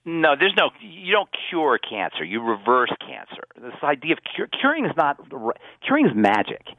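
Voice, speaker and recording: A man's voice: a little high, huge pitch swings, normal speed, a little hiss or hum. A man who works as a pharmacist, explaining health topics earnestly on a radio call-in show, often restarting phrases. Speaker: pharmacist guest. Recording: tinny phone-line radio audio.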